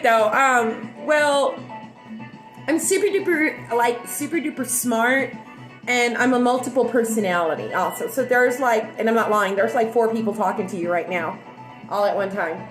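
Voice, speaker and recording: A woman with a somewhat high voice rambles casually to her viewers. She talks fast and loud, jumping from thought to thought with excitable energy. Her voice bounces around an echoey room, and faint music plays in the background. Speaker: live-stream vlogger.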